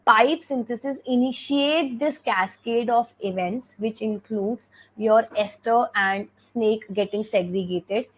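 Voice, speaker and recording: A woman's voice: a little high, slow pace, hardly any pauses, low-quality recording. A woman with an Indian English accent teaching an exam revision lecture, explaining step by step and repeating key points with frequent checks like "okay".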